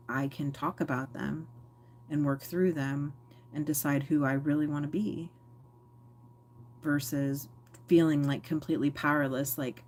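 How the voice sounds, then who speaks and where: A woman vlogger with a very deep, slightly mellow voice speaks candidly to the camera about personal matters. She's reflective and wanders, using many fillers and correcting herself often.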